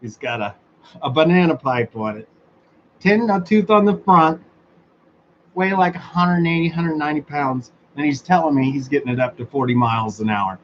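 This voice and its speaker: A man talks casually in a somewhat high voice, full of sarcasm and easy laughter. The recording is muffled and lo-fi, with a faint hiss of noise behind him. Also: moderate pace. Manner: sarcastic, laughs often, swears freely. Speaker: host of a motorized bicycle talk show. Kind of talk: casual solo chat. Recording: dull lo-fi sound with faint background noise.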